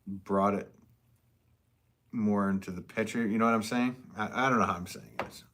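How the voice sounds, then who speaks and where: A man's voice: on the low side, fairly even intonation, moderate pace, a bit bright. A man who is a potter, chatting casually with viewers on a live stream, rambling and chuckling often as he reads comments.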